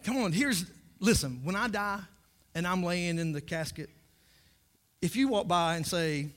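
Man, pastor, high voice, jokey sermon, repeats words when starting sentences. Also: animated, normal speed, fairly bright tone. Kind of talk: humorous sermon.

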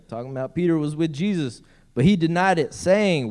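A man's voice: fairly high pitch, lively intonation, moderate pace. A man preaching a sermon as pastor, reading scripture aloud and breaking in with playful asides.

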